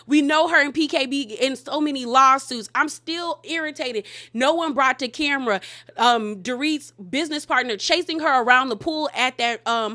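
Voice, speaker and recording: A woman's voice: sits high, sharp tone. A woman recapping a reality show in chatty, opinionated commentary, full of "like" and retold dialogue. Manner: chatty, opinionated, heavy use of "like". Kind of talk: casual commentary, retelling scenes.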